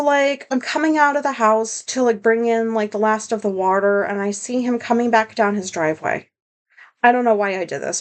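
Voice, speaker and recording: A woman vlogger with a slightly high voice tells a rambling, candid story straight to camera. She fills her speech with "like," swears freely and pokes fun at herself. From United States. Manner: rambling, heavy use of "like", candid, swears, self-deprecating. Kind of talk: casual storytelling monologue.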